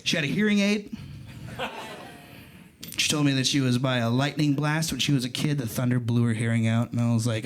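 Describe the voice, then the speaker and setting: A man in his thirties doing a stand-up comedy set in a club, telling stories in an animated way and jumping into loud voices for punchlines. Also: mid-range voice, brisk, long pauses. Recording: live club recording with crowd laughter. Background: audience laughter.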